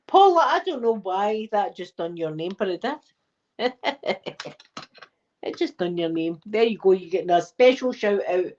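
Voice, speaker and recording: A woman's voice: medium pitch, a little slow, highs cut off, a little hiss or hum. A Scottish woman in her forties, host of a live stream, chatting casually and telling rambling stories with the odd swear word. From Scotland. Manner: rambling, animated storytelling with swearing. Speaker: ASMR livestream host.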